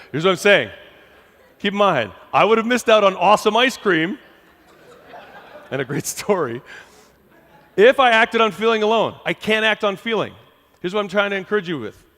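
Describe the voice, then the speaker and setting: Middle-aged male speaker, slightly high voice, animated storyteller, live talk in a reverberant hall. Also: moderate pace, long pauses. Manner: conversational, animated, asks the crowd questions. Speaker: motivational speaker.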